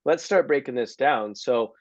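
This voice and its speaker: A host guides a video call with brief prompts, speaking at a middling pitch. The line sounds dull and lo-fi. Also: measured pace. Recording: muffled video call audio.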